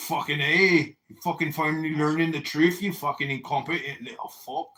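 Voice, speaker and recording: A man's voice: fairly high pitch, fairly even intonation, a little fast, noisy background. A man trading foul-mouthed, aggressive insults in heated podcast banter. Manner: profane, aggressive, taunting.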